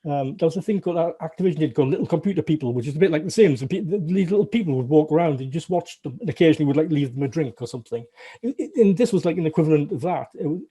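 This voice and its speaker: A middle-aged man with a Northern English accent reminisces in a loose, rambling way. His humour is wry and self-deprecating. His voice is dark and mellow with a husky edge, and it sits a little high for a man. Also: lively intonation, very fast. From Northern England. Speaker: guest, former games programmer. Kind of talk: casual interview recollection.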